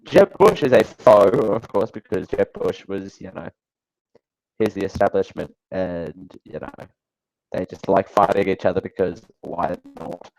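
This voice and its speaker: A man's voice: low-pitched, a little slow, gravelly, darkish tone, dry recording, poor audio. A man hosting a live talk show, giving casual, sarcastic commentary that rambles with fillers and restarts. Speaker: show host.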